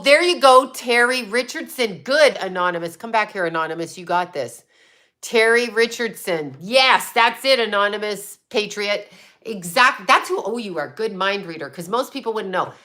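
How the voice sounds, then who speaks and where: Bright-voiced woman ranting on a livestream. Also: medium pitch. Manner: rambling, blunt, swearing, laughing often. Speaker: psychic livestream host. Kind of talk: casual live chat reading viewer comments.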